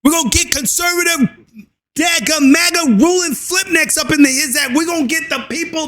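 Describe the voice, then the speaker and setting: A man ranting loudly and crudely in fired-up political commentary. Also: very high voice, fairly quick. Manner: loud, fired up, drawling and crude.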